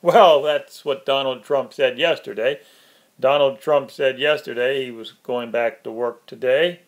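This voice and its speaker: A man's voice: medium pitch, steady tone, a little slow. A man ranting in political commentary, sarcastic and mocking; he speeds up and gets worked up, laughing at his own jabs.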